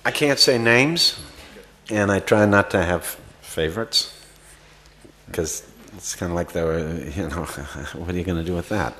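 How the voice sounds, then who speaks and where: A man's voice: deep voice, a little slow, bright, forceful tone, a little hiss or hum. A man answering audience questions about acting at a festival Q&A, rambling with many fillers and restarts. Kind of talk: festival Q&A conversation.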